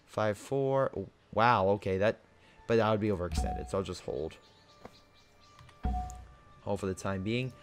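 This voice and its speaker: A young man with a fairly low voice talks through his strategy game in a relaxed, casual way, thinking aloud as he orders units around. Game music plays clearly behind him. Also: unhurried, pauses often. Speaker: gaming video host. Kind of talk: casual gameplay commentary.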